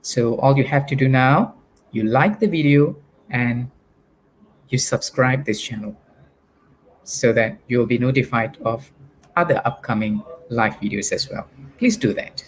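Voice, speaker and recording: A man's voice: mid-range voice, unhurried, long pauses, slight background noise. A Malaysian man teaching a live online English lesson, patiently drilling spelling and pronunciation for primary pupils.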